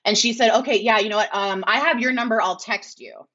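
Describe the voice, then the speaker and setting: A woman's voice: on the high side, fairly quick, fairly bright tone. A woman guest tells a long story in a casual, rambling way, full of filler words. She replays each exchange in quotes. The recording sounds slightly dull and lo-fi. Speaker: podcast guest.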